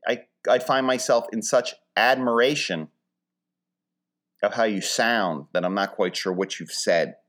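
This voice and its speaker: Philly guy riffing solo, dry wry jokes, rambles, mid-pitched voice. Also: fairly bright tone. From Philadelphia. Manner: wry, rambling, dry humor with mock-grand wording. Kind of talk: casual comedic monologue.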